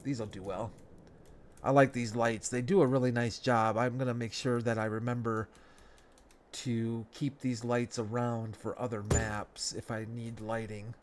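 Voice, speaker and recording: A man, sounding stuffed up, giving relaxed, rambling commentary over a game as a let's play host, talking half to himself with folksy phrases. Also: medium pitch, a little slow, a little hiss or hum. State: stuffed up nose. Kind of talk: casual gameplay commentary.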